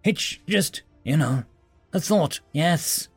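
A man voicing a reckless, cheerful human who rambles eagerly and raises his voice with excitement. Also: a little high, slow pace, slightly rough, dry recording, soft background music, pitched above the performer's own voice, exaggerated voice.

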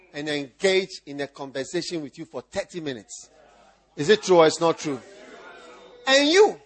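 A male pastor preaches in a strikingly high, husky voice. He teases his listeners with repeated lines, swinging his pitch up and down in lively bursts and breaking into shouts and laughter. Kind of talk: preaching sermon.

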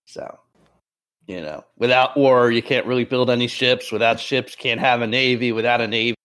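A man running a tabletop game, briefing the players in a relaxed, rambling way while a bit under the weather. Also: mid-range voice, moderate pace, smooth. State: a bit sick, clearing throat. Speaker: game master. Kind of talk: voicing a military chief in a tabletop game.

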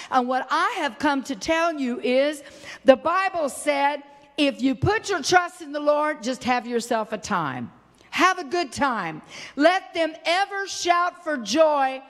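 An older woman with a high voice delivers a homey, animated sermon at an unhurried pace. She bursts into sudden high exclamations between stretches of easy talk. The sound carries a long reverb, like a big hall. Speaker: preacher.

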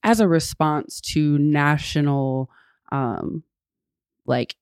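A woman's voice: sits low, takes it slowly, a little mellow, clean tone, no room sound. Earnest woman guest, dry close sound. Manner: thoughtful, earnest, with fillers. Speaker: podcast guest. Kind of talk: casual conversation.

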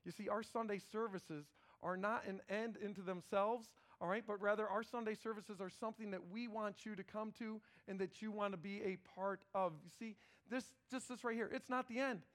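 A middle-aged male pastor preaching a sermon in a conversational, animated way, often repeating words as he starts phrases. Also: high-pitched, brisk, few pauses.

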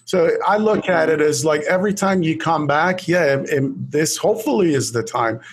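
A man working as an addiction specialist, talking earnestly and warmly about a patient, often repeating words as he searches for them. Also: on the high side, animated, moderate pace. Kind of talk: earnest storytelling in conversation.

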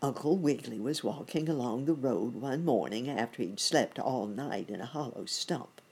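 A woman reading a children's bedtime story aloud in a gentle, expressive way. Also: rumbling low, moderate pace, slightly rough.

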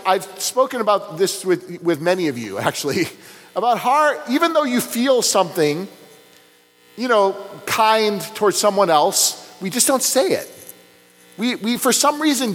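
Man, pastor, sermon, animated, long echoing hall, low mains hum. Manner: conversational, with fillers and laughs.

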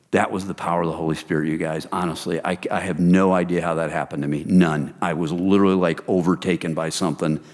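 American guy preaching, low voice, big reverby church hall, animated storytelling. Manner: animated storytelling, addresses audience as you guys. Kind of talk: sermon testimony.

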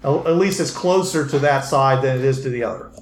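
A man narrating a tabletop game as game master, halting with many fillers. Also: medium pitch. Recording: echoey room with faint noise.

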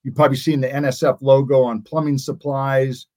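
A man's voice: mid-range voice, flat delivery, a little fast, dark tone. A man in his sixties, a guest in an interview, telling stories in a rambling way and often restarting his sentences. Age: 60s. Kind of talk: casual interview storytelling.

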